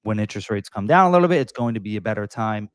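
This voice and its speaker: A man's voice: on the low side, lively intonation, very fast, smooth, dry recording, clean studio sound. A man with a Philadelphia accent, a real estate broker hosting a casual livestream, talking in a loose, rambling way full of fillers and restarts.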